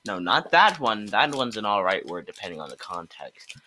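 Brief: young male co-host, bright voice with lively pitch, jokey and animated. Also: moderate pace, a little hiss or hum. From United States. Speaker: podcast co-host. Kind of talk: casual chat.

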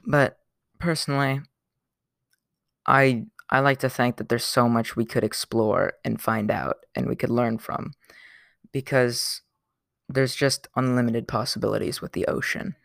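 A man's voice: mid-range voice, unhurried, vocal fry, fairly bright tone, no room sound, clean studio sound. A young man hosting a casual solo podcast, rambling with lots of fillers. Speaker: podcast host.

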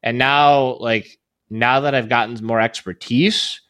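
A man's voice: mid-range voice, fairly even intonation, a little slow, fairly bright tone, clean tone, no room sound. A man in his thirties talking casually as an interview guest, rambling with lots of filler words and restarts. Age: 30s. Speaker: podcast guest, real estate investor.

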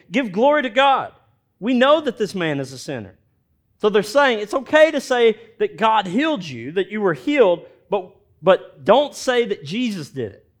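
A man preaching a sermon, reading scripture aloud and acting out the characters' lines with animated expression. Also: high voice. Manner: animated, reads scripture with dramatized voices for characters. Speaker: pastor.

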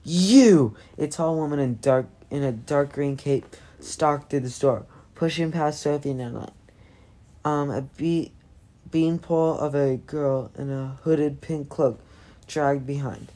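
Very low-voiced woman reading a novel aloud. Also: fairly even intonation, measured pace, mellow. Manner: casual, breaks off with chatty asides. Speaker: reader.

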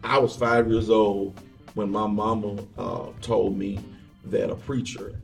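A man, an evangelist guest on an interview show, tells stories from his life in a relaxed way and acts out the voices of the people he quotes. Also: fairly low pitch, unhurried, creaky, recorded from a distance. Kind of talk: casual interview storytelling. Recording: echoey room, off-mic, faint music.

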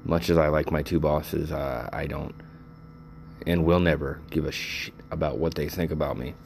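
A man's voice: very deep voice, little pitch movement, moderate pace, vocal fry, darkish tone, a little hiss or hum. An older man talking casually and rambling to his viewers, with lots of fillers and swearing. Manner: rambling, profane, frequent fillers. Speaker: vlogger.

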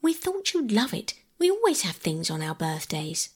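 A woman's voice: medium pitch, sing-song, moderate pace, husky, voice pushed up. Woman doing an earnest, pleading young girl. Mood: eager. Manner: pleading, eager. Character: earnest anxious eldest girl, about twelve.

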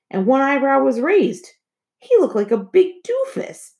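A woman narrating a children's chapter book aloud in an expressive, storytelling manner. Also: lowish voice. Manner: lively and expressive. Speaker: audiobook reader.

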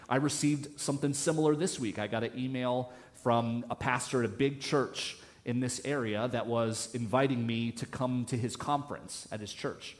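A man preaching a conversational sermon in church, telling a story casually with many restarts. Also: medium pitch. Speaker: pastor.

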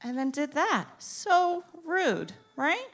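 A young woman from Florida telling a stand-up story, animated and acting out the people she quotes. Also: high voice, takes it slowly, soft background music. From Florida, USA. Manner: animated, acts out both sides of conversations. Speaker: storyteller comedian.

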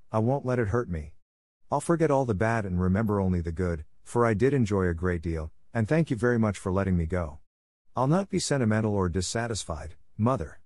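A man's voice: lowish voice, darkish tone, no echo, studio quality, natural voice. A man voicing Meg, a bashful young woman. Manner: bashful, self-reproachful. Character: young woman, earnest eldest sister. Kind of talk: audiobook character reading.

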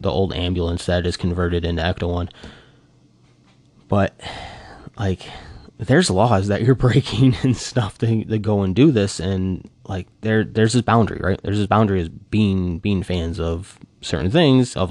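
A man chatting casually and rambling, full of fillers and restarts, his voice jumping up when he gets excited. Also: low voice, dry recording. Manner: animated fan gushing, voice jumps up when excited. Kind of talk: casual chat.

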